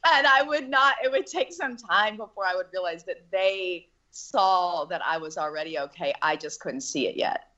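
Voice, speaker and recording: Woman, low voice, candid personal storytelling, earnest and halting; slightly muffled recording. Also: bright, forceful tone. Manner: earnest, halting, with restarts and nervous laughs. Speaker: actress and interview guest.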